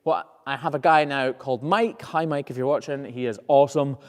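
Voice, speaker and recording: An easygoing man hosts a casual live Q&A, reading each viewer question aloud after a quick "uh" and answering in a chatty, rambling way. His pitch sits at a middling level for a man. The sound hangs in a long, hall-like reverb. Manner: chatty and easygoing, frequent "uh" before each question, self-correcting restarts. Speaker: professional hoof trimmer and channel host.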